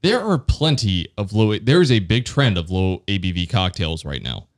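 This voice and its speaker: A man's voice: low-pitched, sing-song, moderate pace. A man co-hosting a podcast in casual chat, ranting sardonically and swearing. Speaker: podcast co-host.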